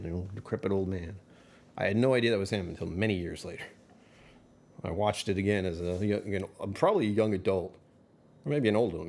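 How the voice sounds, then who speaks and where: A man's voice: deep voice, darkish tone. Rambling middle-aged man on a livestream. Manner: rambling, chuckling, chatting with viewers. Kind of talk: casual livestream chat.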